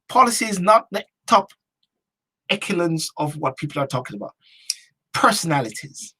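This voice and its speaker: A man's voice: on the high side, big pitch swings, normal speed, long pauses, sharp tone, slightly rough. A man hosting a talk show, delivering an opinion monologue with emphatic, repetitive, rhetorical phrasing.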